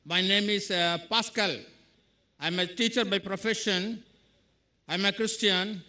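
A man speaking from the audience floor of a lecture hall, with a very high, sharply bright voice. He earnestly sets out his question point by point and quotes passages at length. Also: fairly even intonation, unhurried. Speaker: audience member asking a question. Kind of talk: formal question quoting scripture at length.

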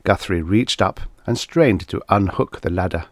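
A man reading a vintage science fiction story aloud as narrator, with animated delivery. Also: sits low, normal speed, dry recording. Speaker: audiobook narrator. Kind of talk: scripted narration.

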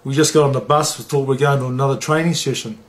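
A man's voice: medium pitch, fairly even intonation, rapid-fire. A middle-aged man, a former rugby league player, telling stories in an interview in a plain-spoken, salty way and acting out the dialogue. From New Zealand. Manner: plain-spoken, swears freely, acts out dialogue. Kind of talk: interview storytelling.

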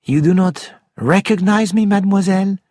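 A man's voice: sits high, moderate pace, warm tone, no room sound, clean studio sound, voice pushed up. A man reading as a charming young Frenchman. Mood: polite teasing. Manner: polite, formal, teasing.

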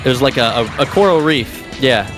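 A man's voice: mid-range voice, animated, brisk, music in the background. A young man playing a game and chatting casually as co-host, laid-back and joking with easy laughter. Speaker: gaming channel co-host, the player. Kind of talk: casual let's play chat.

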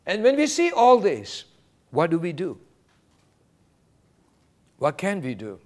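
A pastor delivers a sermon. His voice sits fairly high and swings widely in pitch as he preaches. He quotes scripture and acts out short exchanges. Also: takes it slowly. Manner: animated preaching, quoting scripture and acting out brief exchanges.

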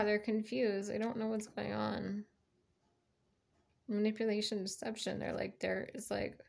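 A woman giving a casual tarot reading, chatty and encouraging, rambling with lots of fillers and restarts. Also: medium pitch. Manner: chatty and encouraging, laughs between thoughts. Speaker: tarot card reader.

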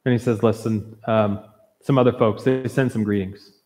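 A man preaching a sermon as pastor, earnest and emphatic, with warm conversational asides. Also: on the low side, steady tone, normal speed, in a large hall. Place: church sanctuary.

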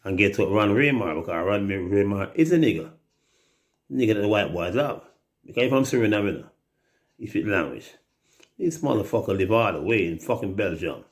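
A man's voice: fairly low pitch, lively intonation, fairly quick. A Jamaican man telling rambling, profane stories in casual chat, often mimicking other people's voices. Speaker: reggae artist telling stories on a livestream.

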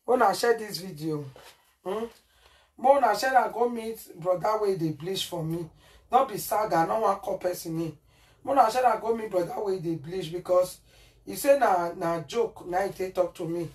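A woman's voice: medium pitch, normal speed, darkish tone, recorded from a distance. Scolding Nigerian Pidgin woman vlogger. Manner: scolding, repeats herself, asks "Eh?" often. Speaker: cooking vlogger. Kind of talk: casual cooking vlog rant. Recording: voice from off the mic, faint noise.

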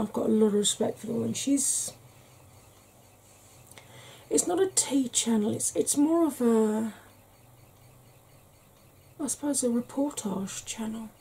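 Husky, breathy Welsh woman in soft-spoken ASMR chat. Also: a little high. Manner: rambling, frank, chatty with fillers. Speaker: ASMR vlogger.

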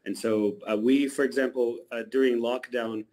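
A man's voice: medium pitch, poor audio. Chef guy on the radio, medium voice, chill and thoughtful. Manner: relaxed, thoughtful, measured. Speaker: chef, interview guest. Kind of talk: radio interview answers.

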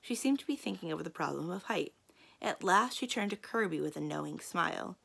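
A woman librarian reads a children's mystery book aloud and talks to her young listeners in between. Her voice sits a little low and has a gravelly creak. Her delivery is calm and inviting. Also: fairly quick.

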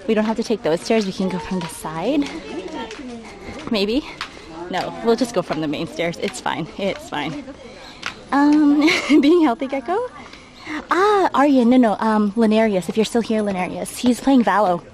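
Out of breath on an outdoor staircase, this woman livestreams her travels through a face mask, her slightly high, animated voice carrying a darkish tone at an ordinary pace. She's chatty and self-deprecating, calling out viewers by name and reading their messages aloud against background noise.

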